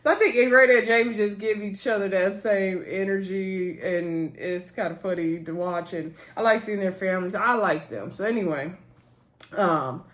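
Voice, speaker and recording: A woman's voice: medium pitch, normal speed. A woman recapping a reality TV episode in a casual, opinionated chat, talking straight to her viewers in slangy speech.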